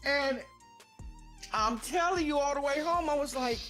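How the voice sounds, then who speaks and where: Woman, high voice, animated profane storyteller, faint music behind. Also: a little slow. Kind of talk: casual storytelling.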